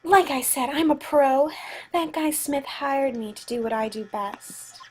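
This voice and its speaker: A woman voicing a scheming young female card-sharp who gives cool, matter-of-fact testimony in a game dub. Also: sits high, unhurried, soft background music, pitched above the performer's own voice, poor audio. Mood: smug.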